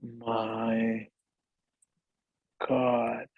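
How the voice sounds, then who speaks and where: Husky young man with a wry tone. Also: mid-range voice, monotone, drawn-out words, no echo, narrow, tinny audio. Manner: wry, teasing interjections. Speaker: podcast co-host. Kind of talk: casual chat.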